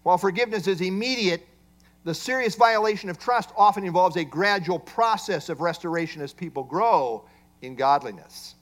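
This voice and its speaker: A man's voice: high voice, moderate pace. A man preaching an expository sermon, explaining a Bible passage and asking rhetorical questions. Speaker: pastor.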